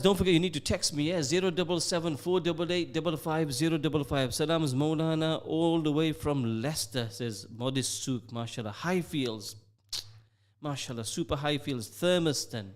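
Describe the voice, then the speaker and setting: A man's voice: fairly high pitch, normal speed. Chatty upbeat male radio host. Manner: chatty, upbeat, jokey, sprinkles Arabic phrases. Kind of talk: live radio show, reading out listener messages. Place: radio studio.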